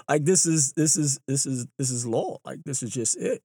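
A man telling stories in a casual monologue, animated and acting out the voices of other people. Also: moderate pace, hardly any pauses, no room sound, clean studio sound. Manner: animated, mimics bystanders with exaggerated pitch jumps. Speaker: runner and storyteller. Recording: clear hip hop music behind the voice.

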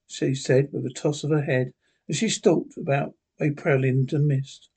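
A man reading a classic horror story aloud in a plain, steady storytelling voice, with occasional slips. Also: medium pitch, moderate pace, slightly rough. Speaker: narrator.

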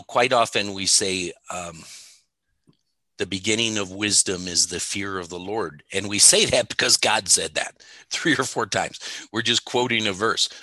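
A man's voice: fairly low pitch, sharp tone, no room sound. A man co-hosting a casual theology talk, telling stories with emphasis and frequent laughs. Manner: storytelling, emphatic, laughs often. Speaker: Bible teacher, co-host.

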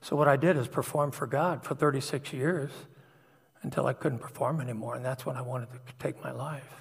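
A man's voice: medium pitch, steady tone, brisk, creaky, breathy edge. A middle-aged man preaching a sermon, telling personal stories in an earnest, confessional way. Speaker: pastor. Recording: long hall reverb.

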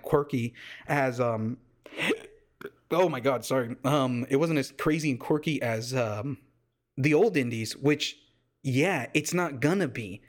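A young man from Texas hosting a casual solo podcast, rambling loosely and jokily with lots of fillers and restarts. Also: mid-range voice. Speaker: podcast host. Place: warm home room with a fan running.

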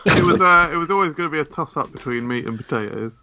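Bright wry man. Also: fairly high pitch, lively intonation, fast, no echo, lo-fi sound. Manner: wry, joking banter. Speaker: podcast co-host. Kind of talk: casual podcast chat.

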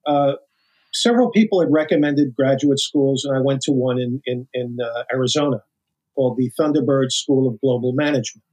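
Brisk and husky in a mid-range voice, an older former FBI agent from the US tells animated stories during an interview, performing the voices he quotes. He restarts many times, and the recording is low-quality.

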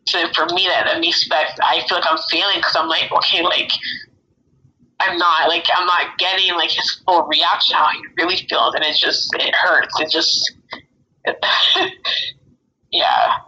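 A woman speaking in halting, emotional casual conversation, leaning heavily on fillers. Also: on the low side, fairly even intonation, sharp tone, highs cut off, a little hiss or hum. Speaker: mother sharing her story.

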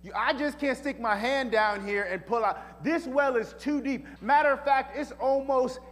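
A man's voice: very high voice, moderate pace, a bit bright. A man voicing a blunt, ashamed Samaritan woman at a well, retorting in casual slang. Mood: sassy. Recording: echoey hall reverb.

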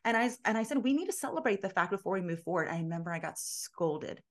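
A woman guest and business coach telling stories in a casual interview, emphatic, dropping to a hush and then rising loud. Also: mid-range voice, expressive, quick pace. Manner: emphatic, swings between hushed and loud.

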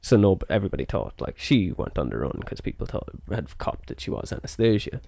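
A man's voice: deep voice, very animated, fairly quick, creaky, mellow, no room sound. A man hosting a podcast in casual chat, chatty with many fillers. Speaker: podcast host.

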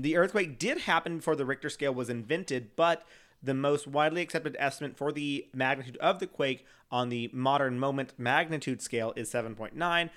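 A man's voice: medium pitch, a bit bright. Joking man reading facts, stumbling. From United States. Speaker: podcast host presenting the topic. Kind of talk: casual comedic chat.

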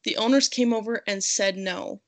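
A woman's voice: mid-range voice, normal speed. A woman co-hosting a casual chat, reading restaurant reviews aloud and laughing between lines. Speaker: podcast co-host reading reviews.

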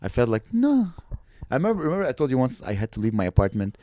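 A man co-hosting a podcast, chatting casually and telling jokes with animated delivery. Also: mid-range voice, fast, no echo. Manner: animated, joking, bursts into silly voices. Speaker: podcast co-host and comedian. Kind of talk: casual comedic chat.

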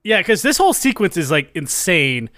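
A man's voice: high-pitched, sing-song, normal speed, pushed and bright, no echo, clean studio sound. A man co-hosting a podcast, casually chatting about a film and acting out bits of its dialogue. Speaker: podcast co-host. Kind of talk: casual movie-discussion chat.

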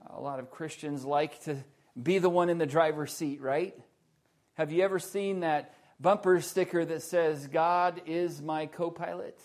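A man preaching a sermon, slow and deliberate, stressing key words loudly and dropping to hushed low lines. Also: fairly even intonation.

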